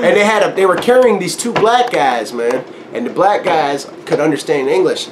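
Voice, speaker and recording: With a high-sitting voice, a moderate pace, and few pauses, a guest storyteller relates a long anecdote casually over background noise. He acts out what people said in lively fashion and keeps breaking into laughter.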